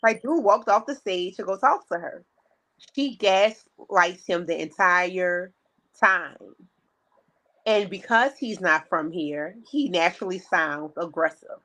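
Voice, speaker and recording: Animated New woman telling a story. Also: on the low side, takes it slowly. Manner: animated, acts out quoted dialogue. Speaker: podcast co-host. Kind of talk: casual storytelling chat.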